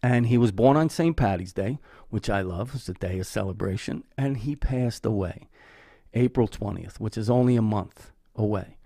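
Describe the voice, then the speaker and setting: A man's voice: lowish voice, normal speed, mellow, no echo. A man hosting his own channel, talking to camera in a loose, earnest way, full of fillers and restarts, from his home studio. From Irish heritage. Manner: rambling, earnest, many fillers. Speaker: YouTube host. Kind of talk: casual talk to camera.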